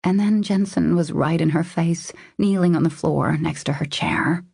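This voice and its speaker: A woman narrating a romance audiobook in a steady, measured reading style. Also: deep voice, vocal fry, slightly rough, no room sound, clean studio sound. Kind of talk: scripted narration.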